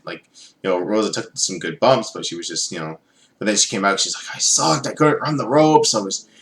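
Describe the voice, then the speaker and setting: Rambling sarcastic male reviewer, lowish voice. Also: a bit bright. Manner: rambling, filler-heavy, sarcastic. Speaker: TV show reviewer. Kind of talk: casual video review.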